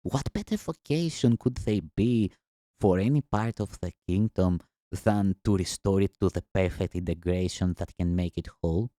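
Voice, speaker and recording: Low, mellow man reading solemnly. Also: normal speed, dry recording, clean studio sound. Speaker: spiritual teacher reading scripture-like text.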